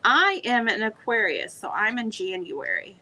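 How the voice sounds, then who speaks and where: Woman rambling thru a book sale, bright voice, kinda high. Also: very animated, measured pace, a little hiss or hum, low-quality recording. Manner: chatty, rambling with fillers. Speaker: online book seller. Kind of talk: casual live sale chat.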